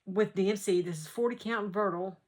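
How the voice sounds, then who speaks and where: Here the Southern-accented North Carolina woman talks briskly in a mid-range, darkish voice. She's at home doing a casual cross-stitch vlog, rambling along with frequent laughter.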